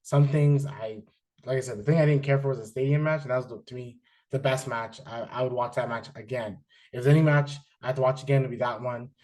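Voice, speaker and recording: Male podcast host, casual rambling delivery, filler-heavy, mid-pitched, animated in bursts. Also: fast talker. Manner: rambling, frequent fillers and restarts, animated when excited. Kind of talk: casual chat, reviewing wrestling.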